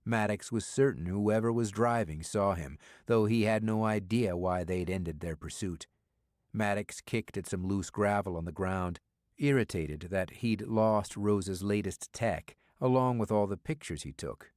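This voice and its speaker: A man narrating a spy thriller audiobook in a steady, measured storytelling manner. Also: on the low side, dry recording, clean studio sound.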